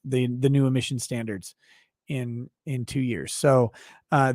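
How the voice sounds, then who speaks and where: A man hosting his own show rants with heavy profanity, dropping to a low mutter and then climbing into shouting. His voice sits in a middling register. The sound is close and dry. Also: no room sound. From United States. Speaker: show host. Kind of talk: casual ranting chat.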